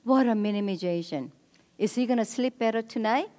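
A woman's voice: fairly high pitch, a little fast, dark tone. A woman giving a marriage seminar talk in church, instructive, often checking in with the audience with "right?". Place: church hall. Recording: echoey hall.

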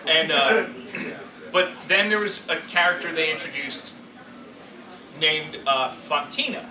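A man who directs and performs voices, telling stories at a convention panel in a rambling, animated way. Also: fairly high pitch, unhurried. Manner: animated, rambling storytelling with frequent fillers. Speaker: voice director and voice actor. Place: convention hall. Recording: echoey hall from far off, noisy.

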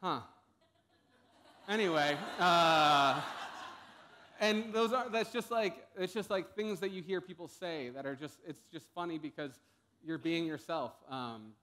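A man's voice: a little high, a little slow, bright, forceful tone, a little hiss or hum. A young man giving a casual conference talk on stage, full of ums and uhs. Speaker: conference speaker.

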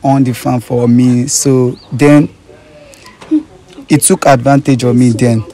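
A man's voice: medium pitch, level tone, takes it slowly, dark tone. A young Nigerian man pleading with his mother, repeating himself in a skit. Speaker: son confessing to family.

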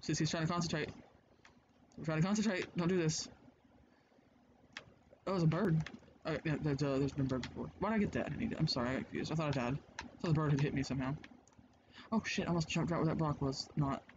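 Rambly guy doing game commentary at home, bit high voice, dull noisy mic, swears a lot. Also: fast, long pauses. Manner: rambling, chatty, swears freely. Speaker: let's play host. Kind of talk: casual gameplay commentary. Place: home, indoors. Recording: dull lo-fi mic with clear noise.

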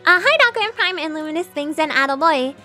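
A young woman streams a video game over game music, giggling and chatting casually as she reacts to the action on screen. Her voice sits high and sounds animated, fast, pushed and bright.

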